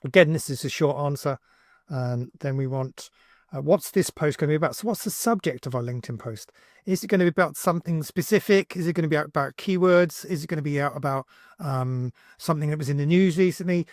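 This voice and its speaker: Relaxed man walking through a tutorial. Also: fairly high pitch, dry recording, studio quality. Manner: casual, relaxed, thinks aloud with fillers while typing. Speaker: tutorial host, agency owner. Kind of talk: screen-recorded software tutorial.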